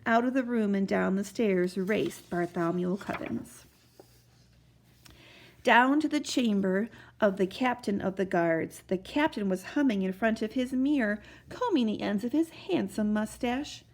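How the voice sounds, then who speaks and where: A woman's voice: medium pitch, measured pace. A woman expressively reading a children's storybook aloud. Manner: expressive, animated narration.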